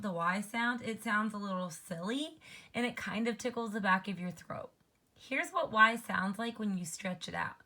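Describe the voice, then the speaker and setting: A woman teacher, her mid-range voice bright and forceful, walks young children through phonics slowly and clearly. Each letter sound is modeled first, and the kids are invited to try it alongside her.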